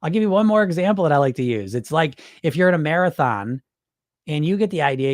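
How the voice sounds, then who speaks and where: Male weight loss coach with a swooping, expressive voice, dry close sound, blunt and profane, mocks viewers' excuses. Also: a little high, no echo. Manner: acts out dieters' excuses in quick voices. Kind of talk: live-stream talk to viewers.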